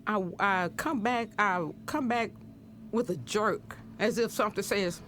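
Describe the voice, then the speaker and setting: An older woman recounting her experience in documentary testimony, halting and repeating words as she goes. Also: mid-range voice, fairly bright tone, slight background noise. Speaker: crime survivor interviewee.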